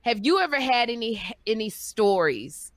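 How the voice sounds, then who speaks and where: Woman comedian, podcast co-host, bright tense voice, dry close sound, animated storyteller. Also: moderate pace, no room sound. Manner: animated, acts out quotes with big pitch jumps. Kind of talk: casual storytelling chat.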